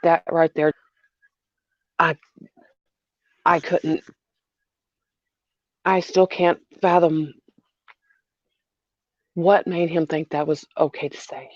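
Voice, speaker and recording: A mother talking through a hard personal story in a halting way, repeating herself with many fillers. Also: low-pitched, fairly even intonation, no echo, highs cut off. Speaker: mother vlogger. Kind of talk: emotional personal vlog.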